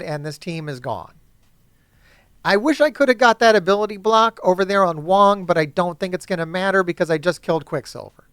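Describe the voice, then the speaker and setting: Guy ranting over a mobile game, swears a ton, high smooth voice, dry close mic. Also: dry recording. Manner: profane, ranting, excitable. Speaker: gaming YouTuber. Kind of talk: casual gameplay commentary.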